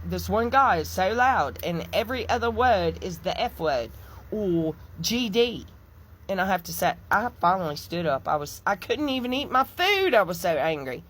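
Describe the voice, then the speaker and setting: A woman's voice: on the low side, slight background noise. A middle-aged woman, giving emphatic, indignant commentary as she tells a personal story. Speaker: social media commentator. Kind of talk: impassioned stitch commentary.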